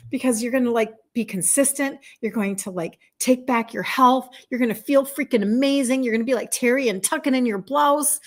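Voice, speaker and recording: A woman in her sixties, a wellness coach chatting effusively with viewers on a live stream, rambling and laughing as she talks. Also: on the high side. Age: 60s. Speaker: wellness coach selling supplements.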